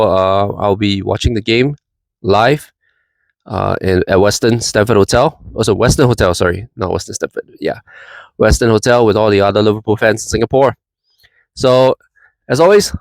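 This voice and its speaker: A man's voice: medium pitch, no echo, rough recording. A man who runs a football fan channel, talking casually in a reaction vlog with easygoing banter.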